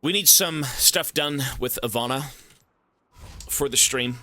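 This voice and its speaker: A man's voice: medium pitch, slow pace, long pauses, pushed and bright. A young man chatting with his stream viewers while playing, rambling and swearing as he jokes around. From Canada. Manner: rambling, profane, joking with chat. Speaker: game streamer. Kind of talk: casual stream chat while gaming.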